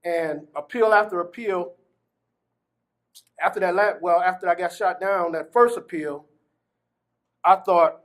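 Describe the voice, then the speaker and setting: A middle-aged man from Gary, Indiana, recounting his own story in an earnest, heartfelt way. His voice sits high for a man, and he laughs often as he talks. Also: unhurried, long pauses, fairly bright tone. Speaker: exoneree telling his story. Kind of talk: personal testimony.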